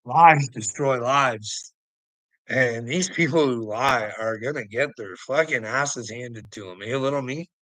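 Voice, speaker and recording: Bright-voiced man, swearing and ranting, laughs a lot, very dry close sound. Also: mid-range voice, a little slow, no echo, low-quality recording. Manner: profane, heated, laughing between lines. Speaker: vlogger. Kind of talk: ranting monologue to camera.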